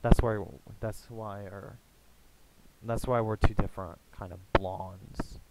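A young American man chatting casually in a rambling, halting way, full of fillers and restarts. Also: on the low side, fairly even intonation, heavy background noise. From United States. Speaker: gaming YouTuber. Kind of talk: casual rambling vlog chat.

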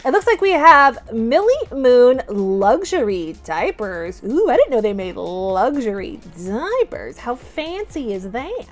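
A woman's voice: on the high side, very animated, a little slow, few pauses, faint music behind. A woman toy collector chatting through an unboxing vlog, gushing with gasps and giggles. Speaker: toy collector and channel host.

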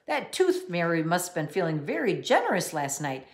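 A woman voicing a kindly, gently amused father in a storybook. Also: on the low side, big pitch swings, normal speed. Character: kindly, easygoing dad.

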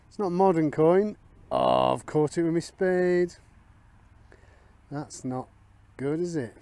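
Chatty man, slightly high voice. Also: slow pace, dark tone. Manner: chatty, talks to viewers, thinks aloud. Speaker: metal detecting vlogger. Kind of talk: casual commentary while detecting.

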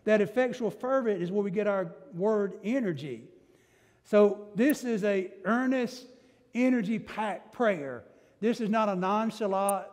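A man's voice: sits high, a little slow, a little mellow. A man preaching a sermon as pastor, emphatic, with rising bursts and rhetorical questions to the congregation. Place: church sanctuary. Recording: long church reverb.

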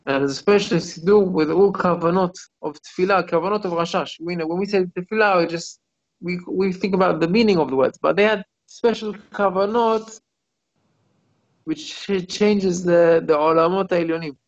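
Over a video call, a rabbi teaches a class in a slightly high voice with a gravelly creak. The call sounds muffled, and he often pauses mid-story to search for the right English words.

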